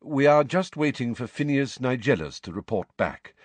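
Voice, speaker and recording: A man reading an audiobook and voicing an elderly headmaster wizard who speaks in a measured, quiet, authoritative way. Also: mid-range voice, big pitch swings, slightly rough, dry recording, voice pushed up. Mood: grave. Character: calm, grave elderly male headmaster wizard.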